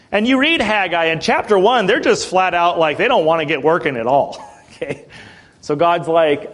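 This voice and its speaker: Male preacher, high-pitched, throat-clearing, keeps checking in with the congregation. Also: normal speed, a bit bright. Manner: checks in with listeners, "Okay?" and "Amen?"; reads scripture aloud, then explains it plainly. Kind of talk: sermon.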